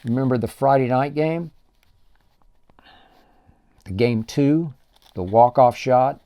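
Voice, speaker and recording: A man's voice: medium pitch, takes it slowly, warm tone. An older man hosting a sports talk show, delivering an emphatic solo commentary that stacks up punchy superlatives.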